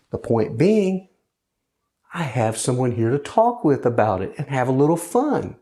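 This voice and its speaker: A man's voice: on the high side, sing-song, moderate pace, a little mellow. A man hosting a personal monologue show, talking in a conversational, wry way, sometimes sarcastic, as a widower living alone. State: widowed, grieving. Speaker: host.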